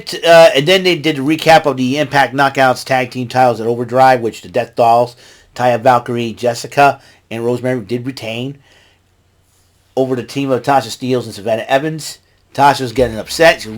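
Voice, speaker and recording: A man's voice: mid-range voice, fairly even intonation, brisk. A man hosting a casual show, recapping events in a rambling way and jumping into raised voices when he quotes people. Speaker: podcast host recapping wrestling.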